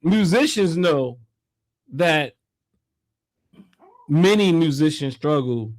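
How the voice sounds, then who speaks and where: High-voiced man hosting a lively conversation. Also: slow, dry recording. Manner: animated storyteller, laughs often, acts out quotes. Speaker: host. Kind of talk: casual call-in conversation.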